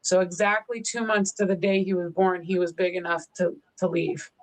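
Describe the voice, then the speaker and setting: Heard through a low-quality recording, the co-host's lowish voice keeps a level tone at normal speed. She's chatty and fond on the casual live stream, slipping into baby-talk with her dog between anecdotes.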